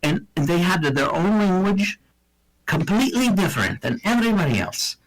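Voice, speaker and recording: A man's voice: high-pitched, sing-song, moderate pace, poor audio. A man co-hosting a casual chat show, rambling through a story with swearing and mock accents. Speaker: podcast co-host. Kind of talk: casual banter.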